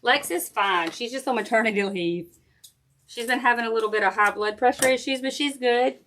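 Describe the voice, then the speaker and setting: A woman's voice: a little high, a little fast, fairly bright tone. A middle-aged woman, chatting casually with viewers while she demonstrates a craft project on a livestream. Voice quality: chatty, folksy, talks straight to viewers while working. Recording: faint background noise and clicks.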